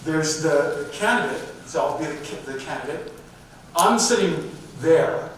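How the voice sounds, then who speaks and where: Man, fairly high voice, direct, questions the audience, distant mic, very echoey hall. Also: a little hiss or hum. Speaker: diversity speaker. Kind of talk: live talk to a company audience.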